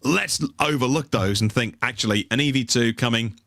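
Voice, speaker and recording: A man co-hosts a podcast, chatting casually and rambling with lots of fillers and restarts. His gravelly voice is medium in pitch and fairly bright, at normal speed, in a dry, clean studio recording.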